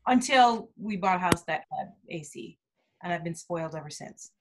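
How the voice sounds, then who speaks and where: A woman from Canada co-hosting a doula podcast, talking in a chatty, animated, self-deprecating way. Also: lowish voice, normal speed, background noise. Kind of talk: casual chat.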